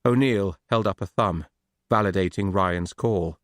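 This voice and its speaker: A man reading a mystery audiobook aloud in a steady, even narration. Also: low voice, a little slow, no echo, clean studio sound.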